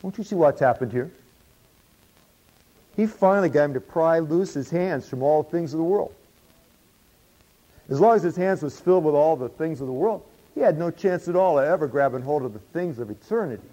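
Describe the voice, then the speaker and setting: In a dull lo-fi recording, a male actor with a warm voice on the high side plays a former tax collector turned disciple. He tells the story in a dramatic first-person monologue, folksy and confiding, with dry humor.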